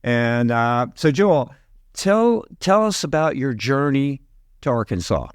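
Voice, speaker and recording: An older man with a Southern American accent hosts a business interview with gushing enthusiasm, often repeating himself and stretching words out for emphasis. His voice is smooth and resonant, recorded dry and close with no room sound. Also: medium pitch, big pitch swings, slow pace, dry recording. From Alabama. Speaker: podcast host.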